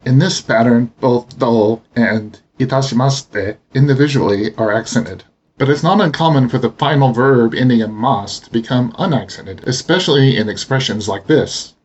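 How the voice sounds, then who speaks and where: A man teaching a language lesson, explaining pronunciation slowly and deliberately. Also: medium pitch, slightly rough, muffled recording. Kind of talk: instructional narration.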